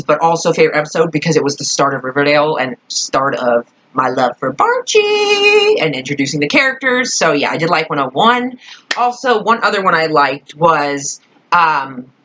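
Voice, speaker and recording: A young woman vlogger chatting casually about a show, rambling and expressive, swearing freely. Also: deep voice, a little hiss or hum. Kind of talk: casual fan chat. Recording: dull lo-fi home recording.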